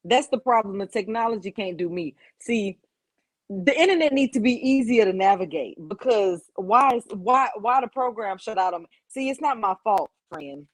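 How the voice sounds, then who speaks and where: A woman's voice: medium pitch, animated, normal speed, no room sound, poor audio. A woman in her twenties with a Southern US accent, chatting playfully as a podcast guest. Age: 20s. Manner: playful, rambling, self-mocking. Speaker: guest, content creator. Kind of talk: casual interview banter.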